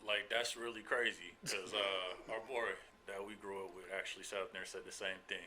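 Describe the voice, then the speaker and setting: A middle-aged man joins a podcast as guest co-host, speaking in a low voice with an extremely bright edge. His replies are short and relaxed. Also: brisk. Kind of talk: casual podcast chat.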